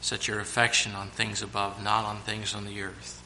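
A man preaching a sermon to his church, now and then shouting out the lines of the story he tells. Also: on the low side, completely flat delivery, moderate pace, slight background noise. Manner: preaching with sudden loud acted-out shouts.

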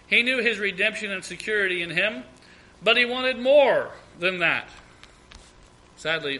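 A man's voice: high voice, sharp tone, rough recording. A man preaching a Bible teaching sermon, reading scripture aloud and commenting on it with frequent restarts and repeated words.

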